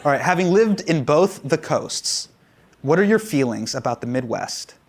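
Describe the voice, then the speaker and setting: Animated joking man, slightly high voice. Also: normal speed. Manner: animated, joking, laughs often. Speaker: comedian answering audience questions. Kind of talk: casual stand-up Q&A with audience.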